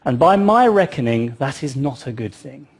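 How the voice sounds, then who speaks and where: Lively, husky-voiced male speaker. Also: medium pitch, normal speed. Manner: lively storytelling with wry asides. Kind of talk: public talk.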